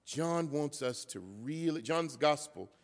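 A man's voice: on the high side, animated, slow, long reverb tail. A man preaching a sermon as pastor, driving points home through repetition and often restarting a phrase.

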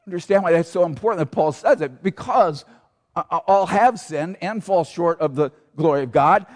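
Emphatic high-voiced pastor in a reverberant church. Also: male voice, normal speed. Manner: emphatic, rhetorical questions, repeats key phrases. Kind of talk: sermon. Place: church sanctuary.

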